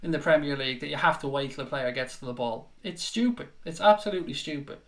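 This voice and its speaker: A man hosting a live football watchalong, commentating in a frustrated, sweary way with bursts of shouting. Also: on the high side, quick pace. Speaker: watchalong host. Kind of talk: live fan reaction commentary.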